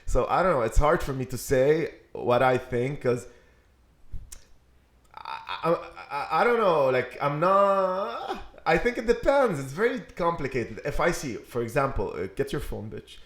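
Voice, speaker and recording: A man's voice: a little high, lively intonation, measured pace, a bit bright. A man from Lebanon co-hosting a podcast in casual chat, hesitant and restarting often, with playful swearing. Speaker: podcast co-host. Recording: roomy echo.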